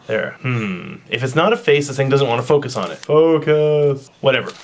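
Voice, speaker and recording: A man's voice: mid-range voice, expressive, quick pace, creaky. A man casually chatting while tasting and describing a snack for his vlog, recorded on a camera mic at home. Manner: chatty, rambling, eats on camera. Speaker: vlogger.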